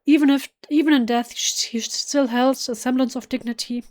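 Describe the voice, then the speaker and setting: A German-native woman reads horror game narration aloud, hushed and emotional, often stumbling and restarting mid-word. Her voice sits fairly high but moves little in pitch. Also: steady tone, moderate pace. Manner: emotional, hushed, with self-corrections. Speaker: let's play gamer. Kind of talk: reading game text aloud.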